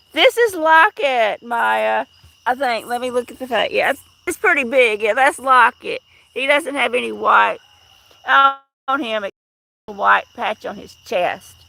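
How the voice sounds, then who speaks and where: A woman's voice: a little high, vocal fry, pushed and bright, dry recording. A middle-aged woman chatting on a casual outdoor live stream, rambling and greeting viewers by name. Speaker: livestream host.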